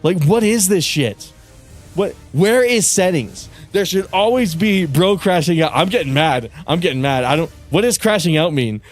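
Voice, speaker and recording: A young male streamer in a casual livestream rant, cursing and venting in frustration with bursts of yelling. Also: fairly high pitch, animated, normal speed, faint music behind. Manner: frustrated, profane ranting with bursts of yelling and laughter.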